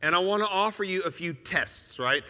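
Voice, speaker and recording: A man preaching a sermon, animated and asking rhetorical questions with joking asides. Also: sits high, moderate pace, big-room sound.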